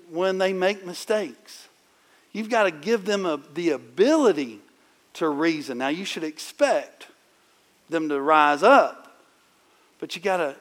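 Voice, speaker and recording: A middle-aged man preaching in a conversational, animated storytelling way, with sudden loud bursts. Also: high voice. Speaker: pastor. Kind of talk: sermon.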